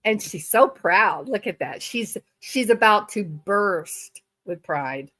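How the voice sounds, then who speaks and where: Slow, mocking woman commentator. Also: mid-range voice, animated, a bit bright. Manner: mocking, theatrical, drawn-out emphasis. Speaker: co-host reacting to a video. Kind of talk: sarcastic commentary.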